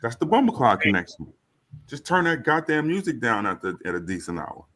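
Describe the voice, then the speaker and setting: A man from Brooklyn, hosting a casual group chat and telling an excitable story with plenty of swearing. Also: mid-range voice, fairly quick.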